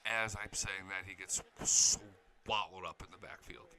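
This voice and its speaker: A man chats casually over football highlights. He sounds like a worked-up fan who cheers and curses at the plays. His voice sits a bit low but rings very bright, with a forceful edge. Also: measured pace. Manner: excited fan, swears, talks back to the footage. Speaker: sports channel host. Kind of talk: casual sports chat over game highlights.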